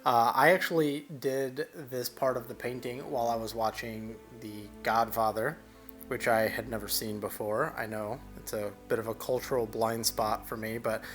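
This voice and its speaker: A man's voice: mid-range voice, moderate pace, soft background music. Rambling young man narrating his artwork. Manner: rambling, relaxed, lots of fillers and restarts. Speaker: digital artist narrating a painting demo. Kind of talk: casual voice-over commentary.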